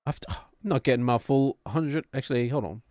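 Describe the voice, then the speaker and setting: A man's voice: medium pitch, a little fast, a little mellow, no echo. Guy rambling on stream while gaming, lots of fillers, dry close mic. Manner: rambling, self-deprecating, frequent fillers. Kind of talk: casual chat while gaming.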